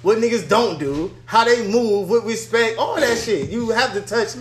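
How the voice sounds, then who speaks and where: A man's voice: high-pitched, normal speed. A young man in casual group chat, blunt and profane, telling stories with animation. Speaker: panel member. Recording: echoey room with crowd behind.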